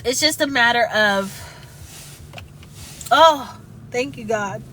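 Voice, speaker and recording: A woman with a bright, fairly high voice speaks in an earnest, halting way, pausing and restarting as she works through her thoughts. She sounds emotional, now and then close to tears, over a faint hiss of background noise. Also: rough recording. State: tearful at moments. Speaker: spiritual vlogger. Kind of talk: emotional casual chat.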